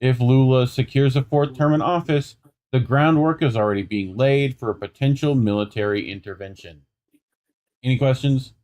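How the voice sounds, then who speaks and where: A young man co-hosts an independent news program in a casual, conversational way, his voice sitting at an ordinary middle pitch. He reads passages aloud, then breaks off into sarcastic, riffing commentary. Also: moderate pace, darkish tone. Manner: sarcastic, riffing asides between quoted passages. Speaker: news show co-host.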